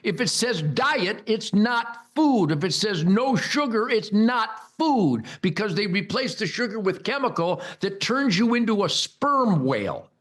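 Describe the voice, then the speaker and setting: An older American man hosting a rambling, mocking political monologue, bombastic and loud, with sudden high-pitched outbursts. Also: sing-song, measured pace, few pauses. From United States. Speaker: host.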